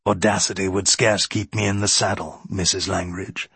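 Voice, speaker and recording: A man voicing a gallant naval captain in a period story, measured and restrained. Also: low-pitched, steady tone, creaky, fairly bright tone, slightly rough, no room sound, heavily acted. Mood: wry.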